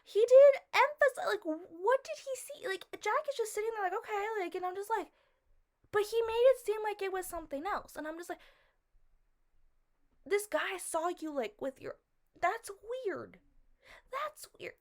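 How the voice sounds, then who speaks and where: A woman's voice: extremely high pitch, expressive, normal speed, a little mellow. A woman giving a casual, rambling film review, filling almost every phrase with "like" and asking questions about the plot. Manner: rambling, fills with "like" constantly; puzzled, questioning.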